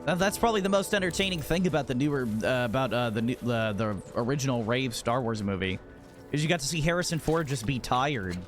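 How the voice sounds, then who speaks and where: A man streams a game, chatting casually and rambling through profane, joking stories. His voice is mid-range and quick, with soft music in the background.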